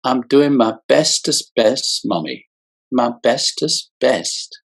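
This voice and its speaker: A man voicing a grown son who talks like a meek child, in a whimpering falsetto. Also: expressive, slow pace, vocal fry, heavily acted. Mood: childish.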